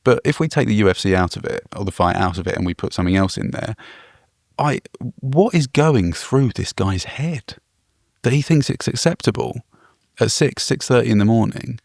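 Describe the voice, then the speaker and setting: A man's voice: medium pitch, lively intonation, moderate pace, creaky, a little mellow, no echo, studio quality. A man co-hosting a travel podcast, telling a story animatedly and laughing often. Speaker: podcast co-host. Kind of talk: casual chat.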